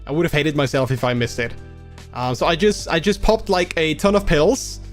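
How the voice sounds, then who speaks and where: A slightly high-voiced young man chats casually on his livestream, stumbling through restarts and fillers as he rambles on. He sounds a bit under the weather, with faint music playing behind him. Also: expressive, moderate pace. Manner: acts out quoted people in a raised voice. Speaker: livestream host.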